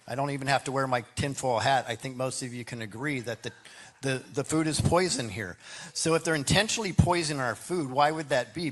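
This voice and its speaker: A man's voice: medium pitch, fairly bright tone. A man speaking as a political candidate in a debate, earnest and repeating himself while often asking the audience if they agree. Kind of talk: campaign debate answer.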